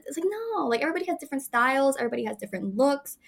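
A woman's voice: high-pitched, very animated, rapid-fire, gravelly. A woman in her twenties, an actress guest, telling stories in a chatty, laughing way full of fillers. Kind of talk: casual interview chat.

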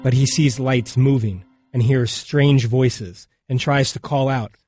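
A man reading scripted documentary narration in a measured, somber and unhurried way, recorded close on a studio mic. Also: mid-range voice, fairly even intonation, a little mellow, soft background music.

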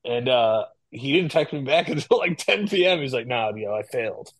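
A man co-hosting a podcast, telling stories in casual, animated chat with a bit of swearing. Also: mid-range voice, moderate pace, dry recording. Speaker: podcast co-host.

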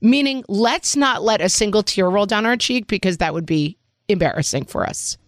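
A woman's voice: medium pitch, moderate pace, dry recording, clean studio sound. A middle-aged woman co-hosting a parenting podcast, chatting casually and frankly, joking and thinking aloud. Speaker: podcast co-host.

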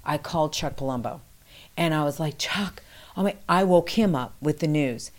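A woman recounting a past experience in conversational storytelling, acting out quoted dialogue with animated pitch jumps. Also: normal speed. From New York City.

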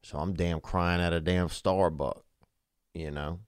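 A man hosting a podcast, talking loosely and warmly to a caller, rambling with laughing asides. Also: sits low, fairly even intonation, a little slow, smooth, dry recording, clean studio sound. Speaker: podcast host. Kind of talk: casual podcast chat.

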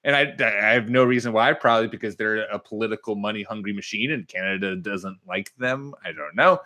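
A man's voice: lowish voice, fairly quick. A man with a Minnesotan accent hosting a casual sports podcast, joking and rambling with many restarts. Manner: animated, jokey, rambling with restarts. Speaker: podcast host.

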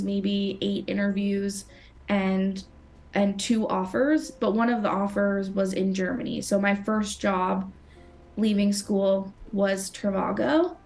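A young woman from Canada chats casually as an interview guest. She talks in a loose, rambling way, full of fillers and restarts. Her voice sits at a middling pitch. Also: gravelly, darkish tone. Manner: chatty, many fillers and restarts. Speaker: guest designer.

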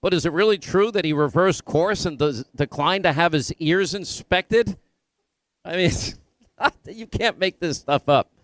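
Brisk male radio host with a dry sound. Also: fairly high pitch, no room sound. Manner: rapid-fire rhetorical questions. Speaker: radio talk show host. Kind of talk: political talk radio. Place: remote broadcast location.

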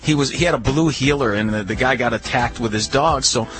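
A man's voice: mid-range voice, fairly quick, soft background music. A man on a radio show giving dog behavior advice, telling stories emphatically. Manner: emphatic, animated storytelling. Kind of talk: casual radio advice talk.

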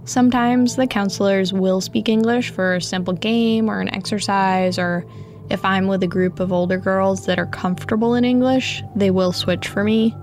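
Brief: woman narrating her story, reflective, evenly read, gravelly fry at phrase ends. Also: medium pitch, steady tone, normal speed, darkish tone, faint music behind. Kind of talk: scripted first-person story narration.

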